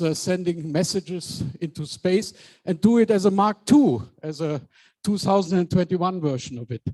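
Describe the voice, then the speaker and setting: A man chairing a team project, giving a measured, reflective speech with hesitant fillers. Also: sits high, warm tone, no room sound.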